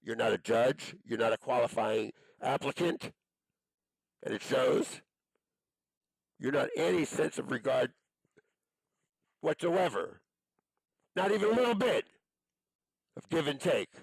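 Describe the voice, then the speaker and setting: Gravelly man in an angry rant. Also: medium pitch, a little slow, long pauses, no echo, rough recording. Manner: accusing, cursing, rambling. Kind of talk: angry profane monologue.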